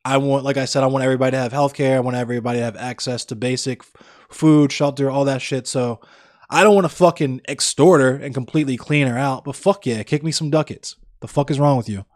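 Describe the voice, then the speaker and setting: A man's voice: mid-range voice, fairly even intonation, quick pace, darkish tone, no echo, clean studio sound. A young man livestreaming, chatting casually with viewers in a blunt, profane, ranting way. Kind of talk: casual chat with live viewers.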